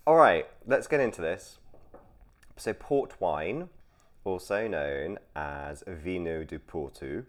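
A man's voice: low-pitched, big pitch swings, slow. A man hosting a casual trivia podcast, chatty and explanatory, laughing often. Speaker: podcast host.

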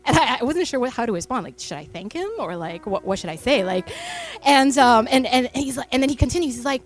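A woman's voice: on the high side, animated, quick pace. A woman in her thirties preaching a sermon in a church, speaking into a stage microphone in a chatty storytelling way with many fillers. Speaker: pastor.

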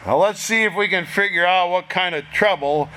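A man preaching a sermon in a slow, deliberate way, pausing for effect and acting out prayers in a pleading voice. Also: sits high, sharp tone, a little hiss or hum. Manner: slow, deliberate delivery with dramatic pauses; acts out prayers in a raised, pleading voice.

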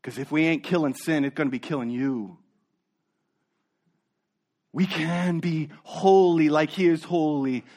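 High-voiced man preaching a sermon. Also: a little slow, long pauses. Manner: earnest preaching, drops low and soft for emphasis, repeats words. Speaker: pastor.

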